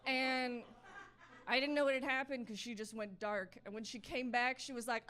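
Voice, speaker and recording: A woman's voice: on the high side, moderate pace, long pauses, a bit bright. A young woman performing a stand-up comedy set on stage, wry and chatty, acting out bits of dialogue. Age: young adult. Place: comedy stage with live audience.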